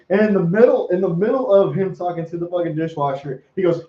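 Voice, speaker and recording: A man's voice: high voice, quick pace, echoey room, dull audio. A man hosting a casual podcast, laughing often and swearing freely. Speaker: podcast host.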